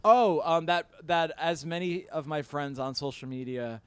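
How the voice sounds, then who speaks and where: A man's voice: on the high side, normal speed, clean tone, no echo. A man co-hosting a podcast in casual chat, playful and teasing. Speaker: podcast co-host.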